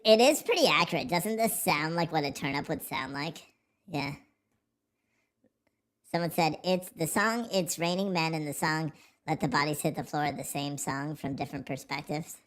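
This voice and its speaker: A man's voice: on the high side, sharp tone. A man hosting a casual livestream, joking, rambling and swearing freely as he reads the chat. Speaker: livestream host.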